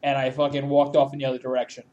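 A man's voice: medium pitch, completely flat delivery, rapid-fire, darkish tone, muffled recording. A man chatting casually as podcast co-host, ranting profanely and laughing often. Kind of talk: casual chat.

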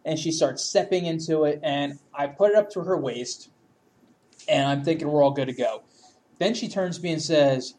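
A man's voice: on the high side, moderate pace, darkish tone. A man telling a story in casual chat, laughing often, swearing freely and acting out what people said.

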